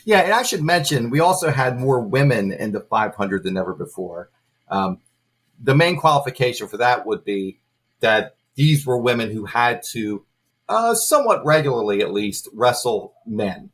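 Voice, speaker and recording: A man speaking as a guest on a wrestling podcast, explaining things in a measured, informative way. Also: medium pitch, sing-song, a bit bright. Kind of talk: casual podcast chat.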